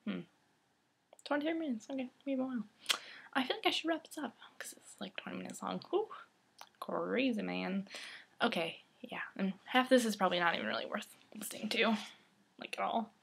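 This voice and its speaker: A woman's voice: medium pitch, expressive, brisk, vocal fry, slightly rough. A teenage girl vlogging casually to her camera, rambling and giggly, often dropping into a whisper. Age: teens.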